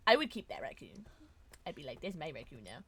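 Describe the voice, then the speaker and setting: An excitable woman streams a horror game live, chatting and thanking her viewers as she plays. Her voice leaps around constantly, lively and full of movement. The tone is bright and forward, and she yelps and laughs at the scares. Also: deep voice, normal speed, husky.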